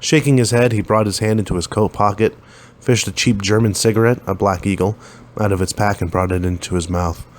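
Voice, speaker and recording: A man's voice: on the low side, fairly even intonation, fairly quick. A man reading a science fiction story aloud, lifting his voice a little for the dialogue. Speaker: narrator.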